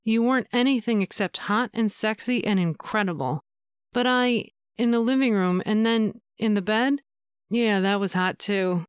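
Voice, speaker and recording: A woman's voice: mid-range voice, moderate pace, smooth, no room sound, studio quality, lightly acted. A woman voicing a tender adult male lover who reassures his partner in an audiobook. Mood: tender reassuring. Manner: gentle, soothing explanations.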